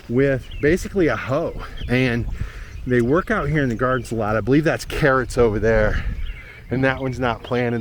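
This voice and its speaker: A man with a medium-pitched voice narrates his travel vlog while hiking a mountain trail, talking casually and eagerly to the camera about the views. A little hiss or hum runs under the recording.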